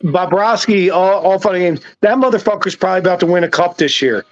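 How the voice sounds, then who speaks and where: A man's voice: sits high, quick pace, no echo. A man co-hosting a sports talk show, swearing and ranting emphatically about his teams. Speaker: podcast co-host. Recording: dull dry lo-fi sound.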